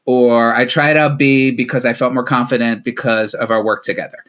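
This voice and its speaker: A man's voice: medium pitch, fairly even intonation, moderate pace, fairly bright tone. A middle-aged man, a coach appearing as a podcast guest, speaking conversationally with joking asides. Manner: conversational, self-deprecating asides. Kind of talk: casual chat.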